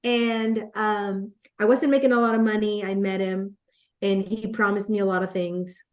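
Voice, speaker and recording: Animated female storyteller. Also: medium pitch, normal speed. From Latin America. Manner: animated, acts out quotes. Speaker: guest, network marketer. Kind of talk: conversational storytelling.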